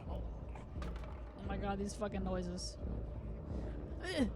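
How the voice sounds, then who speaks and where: A young adult streamer chatting casually and excitably while playing a horror game, swearing and yelping at scares. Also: medium pitch, measured pace, long pauses, background noise. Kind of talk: casual live gameplay chat. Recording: loud game sounds under the voice.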